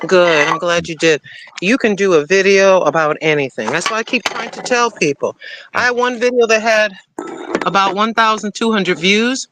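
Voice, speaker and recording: A woman's voice: mid-range voice, moderate pace, noisy background. A woman chatting casually on a livestream while she waters her garden, rambling and cooing to her cat. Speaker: livestream co-host.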